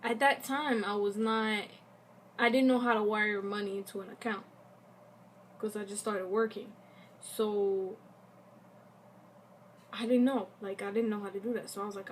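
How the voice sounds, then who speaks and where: A young woman vlogger telling a casual storytime, animated and acting out the quotes of the people in it. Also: mid-range voice, moderate pace, long pauses, a little hiss or hum.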